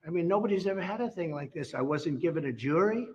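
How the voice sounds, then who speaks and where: A man's voice: a little high, expressive, fast talker. Emphatic man in a dull, echoey hall. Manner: emphatic, repetitive, boastful, superlatives. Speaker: politician. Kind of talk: public remarks.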